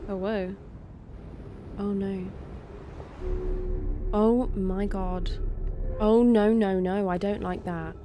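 This woman's mid-range voice has fairly even intonation, drawn-out words, and frequent pauses, with a little hiss or hum and loud game music and effects behind her. As a let's play host narrating her gameplay, she lets out jumpy exclamations, swears abruptly, and talks about being scared.

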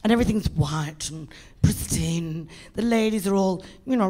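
A middle-aged Australian woman doing stand-up, telling a story in a brash, profane, animated way. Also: mid-range voice, normal speed. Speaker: stand-up comedian.

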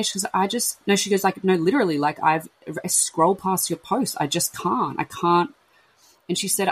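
A husky-voiced woman talks openly and emotionally, her sentences trailing off and restarting as she acts out her friends' words. Her speech is slightly breathy. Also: on the low side, normal speed, rough recording. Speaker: podcast host sharing her baby loss. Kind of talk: candid casual chat.

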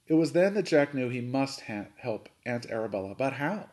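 A man, a coach, reading a chapter book aloud with expressive storytelling narration. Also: medium pitch, normal speed.

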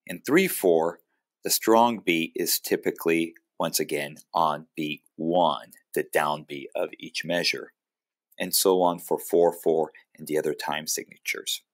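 Deep-voiced man narrating a music lesson. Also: unhurried. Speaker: music teacher.

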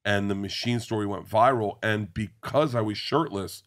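A middle-aged guest comedian tells animated stories in a casual interview, acting out the voices of the people he quotes. His voice sits on the low side and he talks at a moderate pace.

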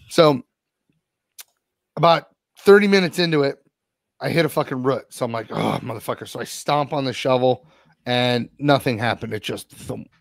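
A man's voice: mid-range voice, moderate pace, long pauses, no echo, studio quality. Swearing man telling a story. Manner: swears constantly, animated retelling. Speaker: podcast co-host. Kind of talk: casual profane storytelling.

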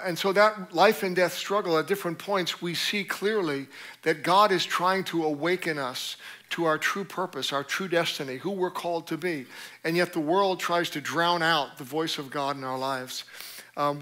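A man's voice: a little high, normal speed, sharp tone. A male pastor preaching a sermon in a church, earnest and conversational, with frequent fillers. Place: church sanctuary.

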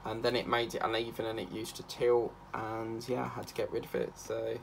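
A man's voice: medium pitch, completely flat delivery, fairly quick, gravelly, slight background noise. A man chatting casually and rambling from topic to topic while he does a craft project, now and then singing a line or two. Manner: rambling, chatty, breaks into snatches of song. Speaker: craft channel host.

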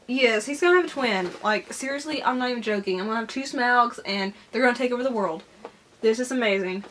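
A woman vlogger opening gifts on camera, gushing and excited, often tearful and soft-spoken. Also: a little high, fast, slight background noise. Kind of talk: casual unboxing vlog.

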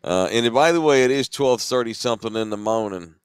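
A worn-out man with a Texan drawl talks in a loose, meandering way and swears now and then. His voice sits at an average pitch, and the recording is dry and close with no room sound. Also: animated, brisk, smooth, no room sound. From Central Texas. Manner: laid-back, rambling, profane. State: tired. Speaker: podcast co-host. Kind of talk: late-night casual chat.

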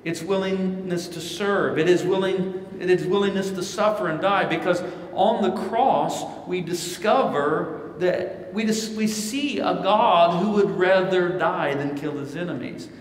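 A man's voice: high voice, a little slow, hardly any pauses. A man who is a pastor from Missouri answering questions at a live conference, telling stories and quoting scripture. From Missouri, United States. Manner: storytelling, quotes scripture in lively voices. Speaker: pastor and keynote speaker. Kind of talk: live Q&A answer, preaching style. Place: large hall at a conference. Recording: echoey hall, picked up from a distance.

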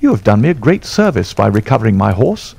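A man's voice: lowish voice, very animated, fast, vocal fry, darkish tone, slightly rough, full character voice. A man voicing an agitated older male colonel in an audiobook, with a strained, exclamatory manner. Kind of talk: audiobook character voice.

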